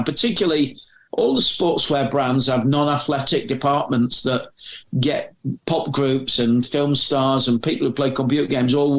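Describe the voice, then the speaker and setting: A middle-aged man telling long, rambling anecdotes as a podcast guest, often restarting his sentences. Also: mid-range voice. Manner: rambling storyteller with frequent restarts. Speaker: podcast guest, former magazine editor. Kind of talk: casual anecdotal chat.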